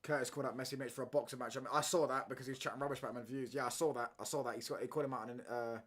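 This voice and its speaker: Slangy young lad chatting football. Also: male voice, mid-range voice, very fast. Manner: animated, slangy banter with the chat. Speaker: football watchalong streamer. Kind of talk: casual chat. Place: home streaming setup.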